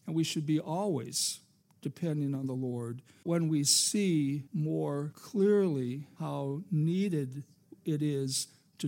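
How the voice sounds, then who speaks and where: A man's voice: a little high, a little mellow. A man preaching a sermon as pastor, rising and falling for emphasis and calling for amens.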